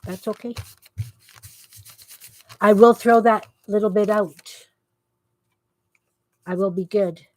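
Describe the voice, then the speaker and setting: Speaking in a mid-range, steady voice that's a little mellow, this middle-aged woman takes her time and leaves long pauses. She hosts a crafting livestream from her basement craft room, chatting easily with viewers and talking to herself under her breath as she works. The recording is dry.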